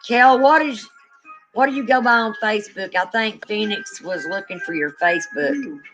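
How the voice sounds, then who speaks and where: A woman's voice: medium pitch, moderate pace, over music, poor audio. An older woman with a grandchild, chatting casually on a live stream, rambling, trailing off and yawning. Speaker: co-host.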